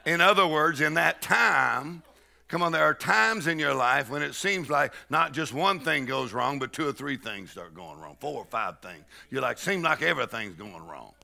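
A man preaching a sermon to a live church crowd. He tells folksy stories with jokes, and he laughs and shouts to lead the congregation in rejoicing. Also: fairly high pitch, expressive, normal speed, creaky.

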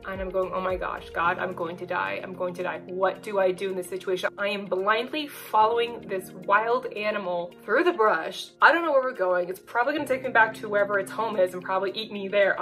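Woman storyteller, mid-pitched, chatty and animated, vlog-style retelling, faint music bed. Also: poor audio. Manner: chatty, animated, lots of fillers.

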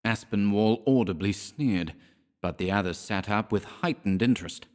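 Low-voiced horror audiobook narrator. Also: male voice, a little mellow. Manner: measured, dramatic reading. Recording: long hall reverb.

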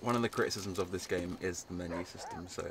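A man's voice: low voice, fairly even intonation, fast, noisy background. A young man casually explaining a game to his friend, laid-back and patient, with plenty of filler words. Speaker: co-host guiding the player.

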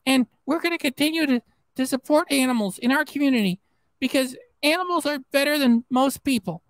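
Man doing a high squeaky tomcat mascot, meowing thanks, dry close mic. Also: fairly quick, no room sound, low-quality recording. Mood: chatty. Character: cheerful male cartoon cat mascot thanking donors.

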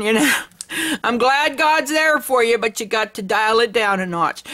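Excited bright-voiced woman vlogger. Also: fairly high pitch. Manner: excited and gushing, laughs often. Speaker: crafting channel host. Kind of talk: casual vlog chat.

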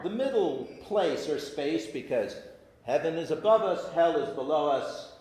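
In an echoey church classroom, a man teaches adults in an informal lecture, reading old verse aloud and explaining it. His voice is on the high side with a measured pace, animated but often stopping and restarting.

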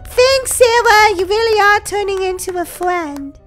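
A woman doing a bright, chirpy little sister. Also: very high-pitched, measured pace, voice pushed up.

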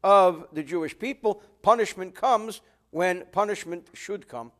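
A man teaching as a rabbi, reading Hebrew phrases and translating them line by line, with expressive rises and drops in pitch and volume. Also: unhurried. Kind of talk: line-by-line text lesson, Hebrew read then translated.

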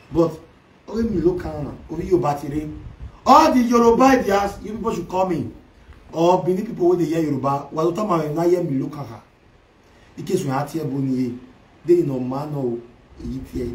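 A man delivers a mocking, loud social media rant, switching between Pidgin, Yoruba and Igbo. His voice sits high for a man and rings in a roomy, echoey space. He sounds set back from the microphone. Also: lively intonation, fairly quick, long pauses, recorded from a distance, a little hiss or hum. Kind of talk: ranting livestream commentary.

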